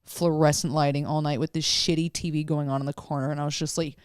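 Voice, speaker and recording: Woman, comedian, casual podcast chat, profane, candid, crisp voice. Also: deep voice, flat delivery, fast, no room sound, studio quality. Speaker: stand-up comedian guest.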